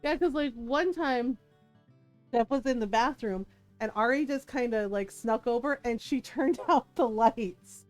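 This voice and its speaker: A woman's voice: a little high, measured pace, darkish tone, soft background music. A middle-aged woman streamer telling a family story in casual chat. She laughs often as she talks and acts out the people she quotes.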